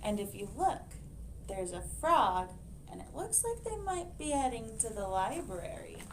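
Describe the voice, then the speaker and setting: A woman librarian reading a picture book aloud to children, expressive and animated, pointing out the pictures. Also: on the high side, measured pace, slight background noise.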